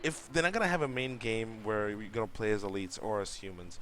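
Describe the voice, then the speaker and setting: A man's voice: lowish voice, expressive, brisk, fairly bright tone, slight background noise. A young man co-hosting a late-night gaming stream, chatting casually while he plays, rambling and opinionated and swearing freely. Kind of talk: casual gameplay chat.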